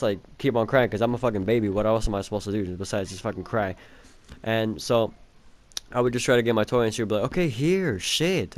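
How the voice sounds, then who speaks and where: A young man telling a childhood story in a rambling, casual way, swearing a lot and filling pauses with um and like. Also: on the low side, darkish tone, no room sound. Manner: rambling, profane, full of fillers and laughs.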